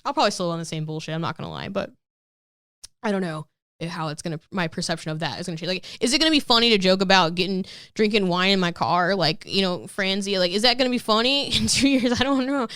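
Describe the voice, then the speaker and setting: Fast-talking candid woman comedian. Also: mid-range voice, fairly bright tone, clear, resonant tone, no echo, clean studio sound. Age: 30s. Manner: rambling, candid, peppered with "like" and swearing. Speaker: comedian guest. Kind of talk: casual podcast interview.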